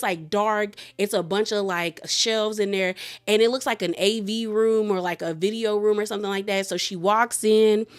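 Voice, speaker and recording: A woman casually recapping a horror film for her channel, chatty, full of fillers and quick asides. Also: medium pitch. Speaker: reviewer.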